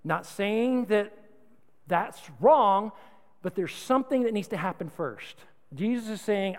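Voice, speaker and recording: A man's voice: high-pitched, measured pace, big-room sound. A man preaching a sermon, conversational and humorous, urging his congregation and having them repeat words back to him. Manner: animated, conversational, humorous, exhorting. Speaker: pastor.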